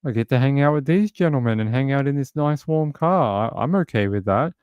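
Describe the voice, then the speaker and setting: A man's voice: medium pitch, lively intonation, fairly quick, darkish tone, smooth, dry recording, dull audio, lightly acted. A man voicing a relieved female cat that is happy to be out of the rain, in a sing-song, raised voice. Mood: contented.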